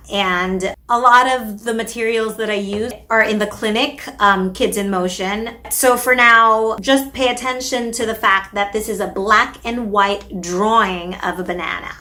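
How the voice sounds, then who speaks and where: A woman's voice: mid-range voice, bright, forceful tone. A woman, a speech therapist, explaining a language activity to parents and modeling words in an exaggerated sing-song way. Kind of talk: instructional video for parents.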